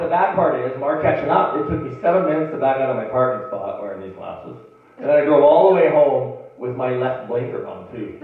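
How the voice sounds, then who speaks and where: Middle-aged guy doing standup, lively pitch, far off tinny mic in a boomy theatre. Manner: animated storytelling with loud outbursts. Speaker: stand-up comedian. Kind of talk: stand-up comedy set. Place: small theatre stage. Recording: far-off phone-like audio in echoey room. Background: audience laughter.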